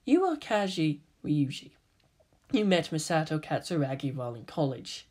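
Reader doing a calm menacing half-angel teen boy, cold, quiet, hushed and threatening, lively pitch, fan-fiction reading. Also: normal speed. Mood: quiet menace.

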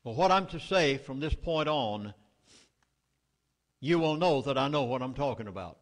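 A man's voice: mid-range voice, lively intonation, normal speed, in a large hall. A middle-aged man with a Southern US accent gives a public speech at a meeting, delivering urgent, emphatic warnings. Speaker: speaker addressing a meeting.

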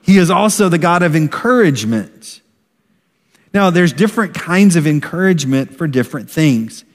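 A middle-aged man preaching a sermon as pastor, animated and acting out voices of a parent. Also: on the high side, moderate pace. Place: church sanctuary. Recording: long reverb of a large hall.

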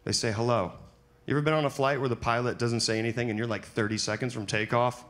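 A man doing a stand-up comedy set on a club stage, playful, often breaking into high panicked voices for his bits. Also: fairly even intonation, fast, a bit bright.

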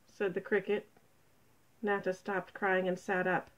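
A woman reads a children's storybook aloud at a slow, gentle pace, her voice sitting at a middling pitch. The recording is dull and lo-fi, with the high end rolled off. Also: flat delivery. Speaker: storybook reader.

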